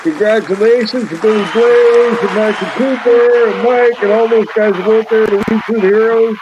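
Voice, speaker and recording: Brief: male radio co-host, a bit high-pitched, relaxed joker who cheers on listeners. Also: normal speed, dull audio, over a noisy crowd. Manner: easygoing, joking, cheering on listeners. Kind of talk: casual radio banter. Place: radio studio.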